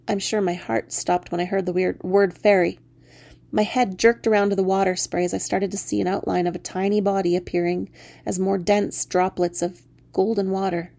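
A woman reading her own fairy story aloud in first person, expressive and laughing often. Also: mid-range voice, normal speed, vocal fry, no room sound. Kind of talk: storybook narration.

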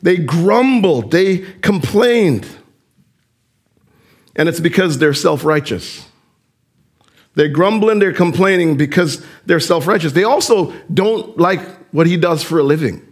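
Animated high-voiced male preacher. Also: unhurried, husky. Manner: animated preaching, asks the listeners direct questions. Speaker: pastor. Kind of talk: sermon.

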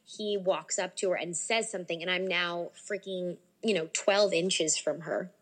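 Excitable young woman telling a story. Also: fairly low pitch, moderate pace. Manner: animated, many "like" fillers, excitable. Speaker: podcast guest. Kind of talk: casual storytelling.

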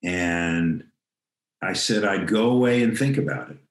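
Older male guest, lowish voice, reflective storyteller, roomy video-call sound. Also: a little slow. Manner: reflective, acts out quoted dialogue. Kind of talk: telling a personal story in an interview.

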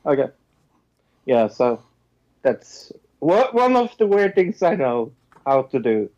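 A man's voice: mid-range voice, very animated, slow, a little mellow, lo-fi sound. A man hosting a podcast in casual chat, jokey and swearing freely. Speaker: podcast host.

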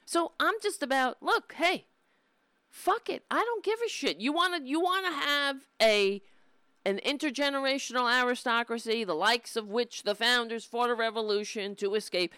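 A woman's voice: a little high, normal speed, smooth, dry recording, studio quality. A woman hosting a live political commentary stream, exasperated, mocking and swearing often. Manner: profane, exasperated, mocking, animated.

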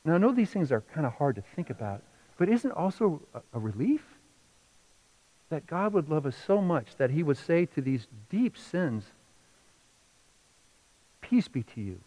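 A middle-aged man preaching a sermon as pastor, telling a personal story with feeling and moving between hushed and loud passages. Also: fairly high pitch, big pitch swings, normal speed, low-quality recording.

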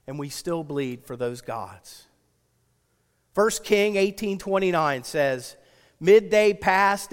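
High-voiced preacher with dramatic swings. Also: male voice, clear, resonant tone, in a large hall. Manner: dramatic swings from loud excitement to hushed intensity. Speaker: pastor. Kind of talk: sermon.

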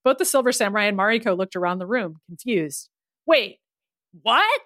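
A woman's voice: medium pitch, quick pace, a bit bright, no echo, clean studio sound. A woman co-hosting a podcast, reading a comic story aloud. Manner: reads with giggles. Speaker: podcast co-host.

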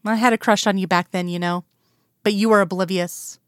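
A woman's voice: medium pitch, steady tone, fairly quick, clear, resonant tone, dry recording, studio quality, natural voice. A woman voicing Scully, a determined female FBI agent who speaks firmly and directly.

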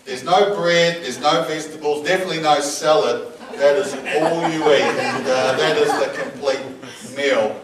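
Jovial New Zealand pastor in an echoey hall. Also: male voice, fairly high pitch, moderate pace, a crowd in the background. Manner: jovial storytelling, laughing often. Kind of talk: sermon. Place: church hall with congregation. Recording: echoey hall, mic from a distance.

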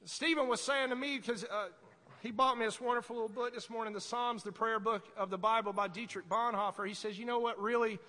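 A woman preaching a sermon in a conversational way, breaking into sudden shouted bursts. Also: on the high side, fairly even intonation, a little fast. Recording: echoey hall.

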